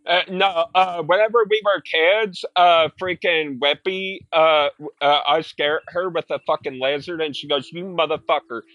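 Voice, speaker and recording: Young man rambling, slightly high voice. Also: measured pace, a bit bright, no room sound, dull audio. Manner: rambling, profane storytelling with filler words. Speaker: gaming streamer. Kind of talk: casual chat while gaming.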